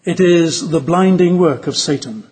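A man preaching a sermon to fellow ministers, earnest and measured, reading a story aloud with drama. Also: fairly high pitch, darkish tone, husky.

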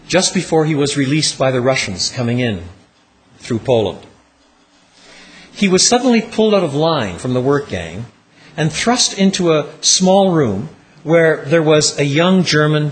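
Animated male preacher telling a story. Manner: dramatic storytelling, drops low for emphasis, slows on key words. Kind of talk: sermon.

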